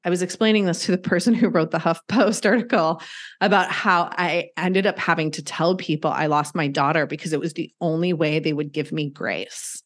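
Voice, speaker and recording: Speaking at normal speed in a low-pitched voice, a middle-aged woman appears as a guest to recount losing a pet. The conversation is candid, and her telling is earnest and emphatic, with what others said acted out.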